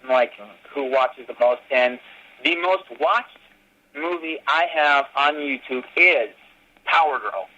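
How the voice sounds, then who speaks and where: A man being interviewed about his fan films, telling animated stories and acting out quotes. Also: medium pitch, takes it slowly, highs cut off. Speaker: fan filmmaker guest. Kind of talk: casual podcast interview.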